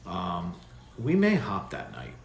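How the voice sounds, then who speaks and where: A man's voice: deep voice, wildly swooping pitch, slow pace, gravelly. A man hosting a livestream, chatting casually and rambling with loose restarts. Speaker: livestream host. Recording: echoey room with faint background noise.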